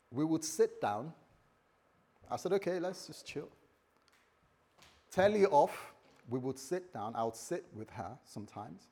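A man preaching a sermon, telling a story and acting out both sides of a conversation, dropping to a hush and then rising loud. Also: medium pitch, slightly rough. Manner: storytelling, acts out dialogue, swings from hushed to loud. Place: church hall with a congregation. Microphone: recorded for the church website.

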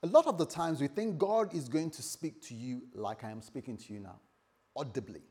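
Male pastor, mid-pitched, husky, animated sermon delivery with big loud-soft swings. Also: brisk. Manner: lively, repetitive preaching with sudden loud and soft turns.

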